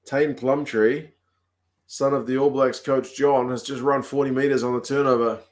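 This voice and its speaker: A New Zealand man hosting a livestream, chatting casually and answering viewer comments aloud in a relaxed, talkative way. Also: medium pitch, moderate pace. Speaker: livestream host. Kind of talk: casual chat reading comments.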